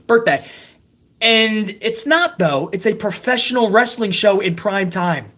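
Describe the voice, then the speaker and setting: Male host, profane ranting recap, sarcastic and heated. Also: sits high. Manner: heated, sarcastic, heavy swearing. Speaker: wrestling show host.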